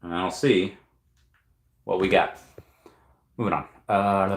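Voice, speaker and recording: A man's voice: deep voice, steady tone, slow, roomy sound. A man hosting a casual livestream from home, reading viewer comments aloud and thinking aloud with lots of fillers. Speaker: crypto livestream host. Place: room at home at night.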